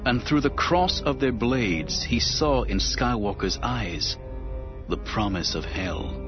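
Male narrator, lively dramatic read, dull sound with music under it. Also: on the low side, slow pace. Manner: dramatic, expressive. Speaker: audiobook narrator.

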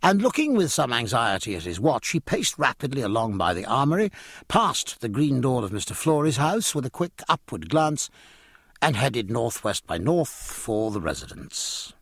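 Brief: male audiobook narrator, husky tone, animated delivery. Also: mid-range voice, no echo, studio quality. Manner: expressive, measured storytelling. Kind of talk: scripted narration.

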